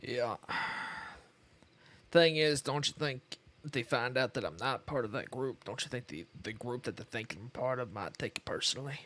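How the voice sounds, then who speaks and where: Hesitant man with a Kentucky drawl. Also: moderate pace. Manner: hesitant, stammering, lively pitch. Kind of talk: in-character roleplay chat.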